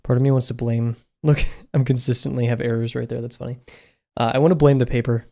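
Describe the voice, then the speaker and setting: Gravelly-voiced man streaming casually. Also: mid-range voice, fast. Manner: relaxed, self-mocking, thinks aloud. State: slightly out of breath. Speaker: streamer drawing live. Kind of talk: casual live-stream commentary.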